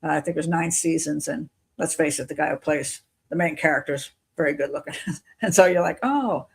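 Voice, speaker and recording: A woman's voice: low voice, flat delivery, brisk, vocal fry, slightly rough. A woman hosting a live show as a criminal profiler, thinking aloud as she answers viewers in a skeptical, questioning way, often restarting sentences and chuckling. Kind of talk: live-stream commentary answering chat.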